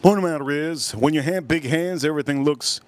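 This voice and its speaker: Man, Miami accent, somewhat high voice, loose rambling live-stream host. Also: slight background noise. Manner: rambling, drawn-out words. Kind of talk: casual live-stream chat. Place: cold room at home.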